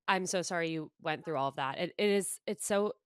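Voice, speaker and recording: A woman's voice: lowish voice, a little fast, clean tone, dry recording, studio quality. A woman hosting a podcast, asking questions in a chatty way, with lots of "like" and "you know". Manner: warm, chatty, filler-heavy. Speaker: podcast host. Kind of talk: conversational interview.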